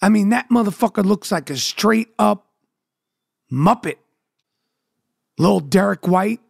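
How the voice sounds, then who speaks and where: A man's voice: high-pitched, animated, unhurried, gravelly, a little mellow, slightly rough, no room sound, clean studio sound. A man from New York hosting a podcast, ranting about sports with heavy swearing and sing-song chanted intros. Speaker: podcast host. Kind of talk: profane sports rant.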